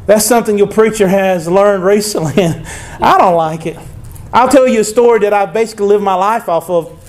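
High-voiced preacher giving a sermon. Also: male voice, normal speed. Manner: conversational preaching with scripture reading.

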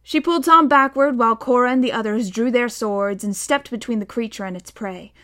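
A woman narrating a novel aloud in a steady storytelling manner, voicing the dialogue. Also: fairly high pitch, brisk. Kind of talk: audiobook narration.

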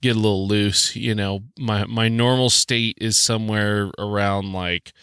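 A man's voice: fairly low pitch, steady tone, unhurried, fairly bright tone, clear, resonant tone, no room sound, clean studio sound. A man with a Southern US accent hosting a rambling, joking solo podcast, full of ums and restarts. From southern United States. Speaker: podcast host.

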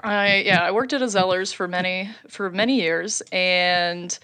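A woman's voice: on the low side, steady tone, measured pace, bright, forceful tone, clean tone. A woman with a Canadian accent hosting a podcast, chatting enthusiastically and laughing often. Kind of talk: casual chat.

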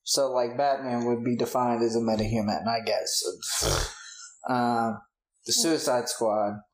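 A man's voice: mid-range voice, unhurried. A man co-hosting a casual movie-review chat, rambling and hesitant, with many filler words. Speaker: podcast co-host. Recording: roomy echo.

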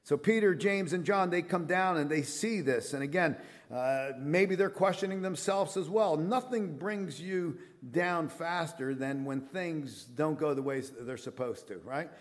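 A man's voice: fairly high pitch, unhurried. A middle-aged male pastor preaching a sermon in an earnest, conversational way, with frequent fillers and restarts.

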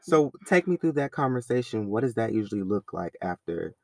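Soft-spoken interviewer, dry close sound. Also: mid-range voice, very animated, fairly quick, creaky, no room sound. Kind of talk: interview questions.

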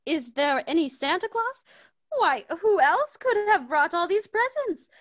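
A woman's voice: very high voice, sing-song, measured pace, dry recording, full character voice. A woman voicing a fussy, doting wife and mother who talks in a gushing, coaxing way, as in a radio play. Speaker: Mrs. Fountain.

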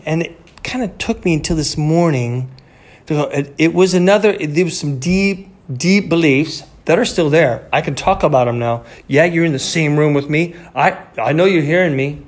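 A man in his fifties talking in a rambling, conversational monologue as a podcast host, full of fillers and restarts. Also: fairly high pitch. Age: 50s. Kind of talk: casual motivational monologue.

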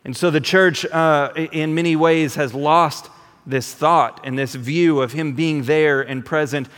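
Conversational pastor preaching in a reverberant church. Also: male voice, a little high, a little slow, clear, resonant tone. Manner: conversational, animated, repeats words when restarting. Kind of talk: sermon.

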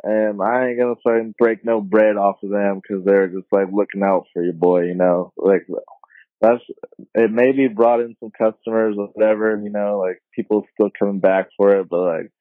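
Chill young dude telling a story, kinda low voice, sounds like a phone line, swears a lot. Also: male voice, steady tone, moderate pace, no room sound. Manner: laid-back slangy, swears often, voices others in high tones. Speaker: podcast guest. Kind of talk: casual storytelling.

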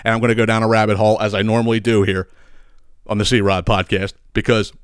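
A man's voice: fairly low pitch, flat delivery, fast talker, clean tone, no echo, clean studio sound. A man hosting a podcast, telling a rambling, profane story full of fillers and sidebars. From Philadelphia area. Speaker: podcast host. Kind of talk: casual comedic monologue.

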